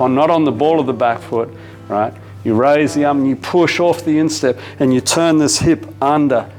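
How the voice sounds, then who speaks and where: An Australian man leads a yoga class in a calm, steady voice of middle pitch. He talks the students through each pose with relaxed, casual asides, while soft music plays faintly behind him. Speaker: yoga teacher. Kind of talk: guided yoga class instruction. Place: yoga studio.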